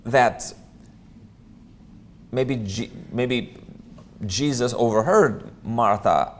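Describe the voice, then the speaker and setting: A man's voice: medium pitch, drawn-out words, a little hiss or hum. A man teaching a Bible class in a church, talking casually with lots of ums and friendly asides. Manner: conversational, many ums, chatty asides. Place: church room.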